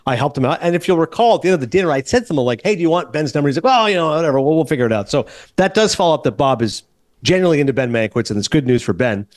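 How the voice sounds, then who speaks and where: A man's voice: on the high side, animated, darkish tone, no echo. A Canadian-raised man hosting a podcast, telling stories in casual movie chat. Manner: fast, chatty storytelling. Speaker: podcast host.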